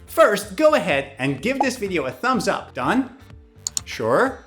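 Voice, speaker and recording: Woman, English teacher, online vocabulary lesson, very expressive swooping intonation, repeats words slowly. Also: medium pitch, faint music behind. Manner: animated, slowly repeats key words for pronunciation.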